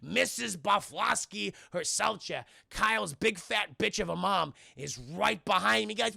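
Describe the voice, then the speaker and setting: A young man talks through a film for his live chat, excitable and full of swearing. His voice sits high and swings widely, with a heavy gravelly fry. The sound is dry and close. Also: unhurried, hardly any pauses, dry recording. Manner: excitable, swears often, talks to chat, bursts into loud character quotes. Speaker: film reviewer streaming to chat. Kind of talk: casual live-stream recap.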